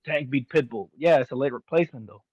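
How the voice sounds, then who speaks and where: A man's voice: mid-range voice, fast, slightly rough, no echo, muffled recording. A man chatting casually as a guest on a podcast, laid-back and hedging his points. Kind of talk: casual chat.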